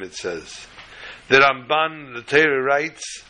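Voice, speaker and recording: Bright-voiced animated male preacher. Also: medium pitch, measured pace, poor audio. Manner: animated, chuckling, quotes Hebrew sources. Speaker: Torah teacher. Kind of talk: sermon with storytelling.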